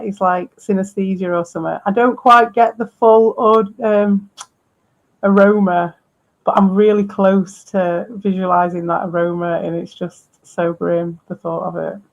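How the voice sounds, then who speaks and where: A co-host chatting in casual banter and making joking asides. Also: mid-range voice.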